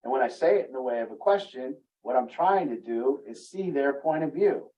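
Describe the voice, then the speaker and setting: A man's voice: animated, a little fast, warm tone, far from the mic, dull audio. A man giving a teaching talk to parents about relationships, speaking earnestly and acting out what a parent might say. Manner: earnest, acts out parents' inner voices in a raised pitch. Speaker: family recovery coach.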